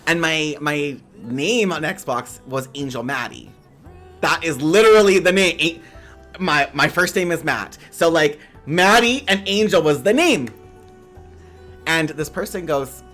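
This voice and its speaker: Canadian-born guy on his stream, super animated, bright voice, soft music in the back. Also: a little high, measured pace. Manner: animated, campy storytelling with lots of likes. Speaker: streamer hosting interviews. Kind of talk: casual chat.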